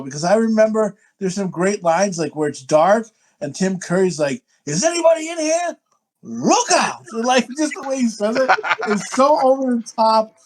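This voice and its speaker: A loud, crude man in middle age joking with friends on a podcast. He swears constantly and breaks into laughter. He keeps doing big, theatrical impressions of movie lines. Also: sits high. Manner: rowdy, profane, laughs a lot, mimics movie lines over the top. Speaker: podcast co-host. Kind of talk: casual crude chat.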